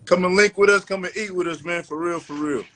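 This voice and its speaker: High-voiced man hosting a live chat. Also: fast talker. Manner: loose, slangy, shouting out viewers. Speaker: podcast host. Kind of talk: casual live-stream chat.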